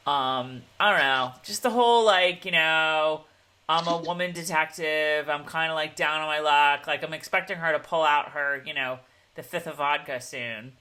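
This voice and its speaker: Chatty co-host, a woman with a lower voice that is bright and expressive. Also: moderate pace. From Pennsylvania, USA. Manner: rambling, chatty, laughs often. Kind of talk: casual chat.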